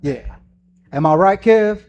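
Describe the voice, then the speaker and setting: High-pitched guy running a church q&a, super casual, slangy, keeps laughing. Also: slow, muffled recording. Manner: animated, slangy, laughs often, acts out quotes. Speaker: church Q&A leader. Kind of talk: casual, joking Q&A talk. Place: church meeting room with a microphone.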